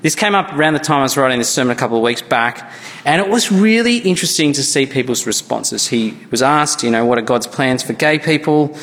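Give me a gravelly-voiced man in his thirties preaching a sermon in a church. He talks in an earnest, conversational way and often restarts his sentences, with a long reverb trailing his voice through the hall. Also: mid-range voice, expressive, fairly quick, a bit bright. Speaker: pastor.

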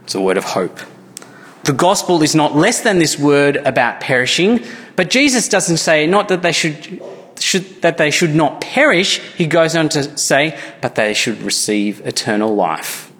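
A man's voice: a little high, very animated, unhurried, fairly bright tone. A man, preaching a sermon as pastor in an earnest, conversational way with frequent restarts. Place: church. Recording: church hall with long reverb.

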